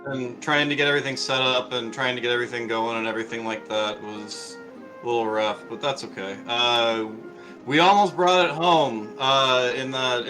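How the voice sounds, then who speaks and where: A man's voice: medium pitch, poor audio. A middle-aged man chatting casually after a speedrun, rambling with lots of fillers and restarts. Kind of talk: casual post-run chat.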